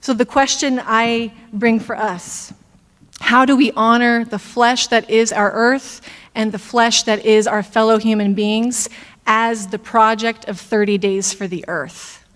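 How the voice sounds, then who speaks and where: Brief: female intern minister, measured sermon delivery, unhurried, sanctuary reverb. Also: on the high side, steady tone, fairly bright tone. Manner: slow, deliberate, reflective preaching with pauses. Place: church sanctuary.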